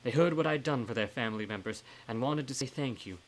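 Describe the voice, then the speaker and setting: A man's voice: mid-range voice, quick pace, lightly acted. Male reader doing a blunt, motherly old ghost lady, put-on accent, horror audiobook. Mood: scolding. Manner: put-on accent, scolding and teasing. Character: elderly woman ghost, warm, blunt, motherly. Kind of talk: live reading of a horror novel.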